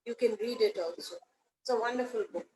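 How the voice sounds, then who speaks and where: An older woman with an Indian English accent, a veteran teacher telling anecdotes in a chatty, animated way during an interview. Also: a little high, fairly quick, slight background noise, rough recording. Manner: chatty, animated anecdotes with playful quoted voices. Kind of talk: casual storytelling interview.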